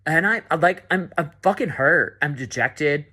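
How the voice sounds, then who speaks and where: A man's voice: a little high, normal speed, sharp tone. A man giving a frustrated confessional as a game contestant, swearing and repeating himself. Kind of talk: confessional rant.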